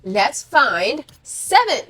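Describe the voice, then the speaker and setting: A woman's voice: high voice, very animated, drawn-out words, a bit bright. A woman teaching young children to count, cheerfully praising them and asking them to repeat after her. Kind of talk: kids' counting lesson.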